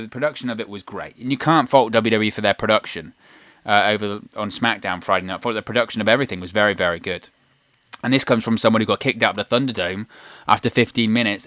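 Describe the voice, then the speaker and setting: A man giving an opinionated, animated solo review of a wrestling show on his video channel, acting out quotes in a raised voice. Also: on the low side, dry recording, studio quality. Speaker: wrestling news YouTuber.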